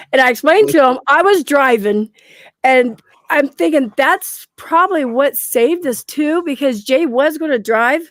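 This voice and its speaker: A middle-aged woman tells a story in a casual chat at home, with a fairly high voice that sounds dry and close. She acts out the quoted lines and laughs often. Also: animated, a little slow, no echo. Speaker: guest.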